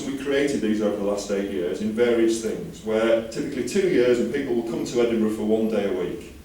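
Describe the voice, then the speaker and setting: A man from the UK speaks to a conference audience with chatty enthusiasm and jokey asides. His voice is mellow and warm. He is picked up from some distance in a very echoey hall with a faint hum of ambience. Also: medium pitch. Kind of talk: conference talk.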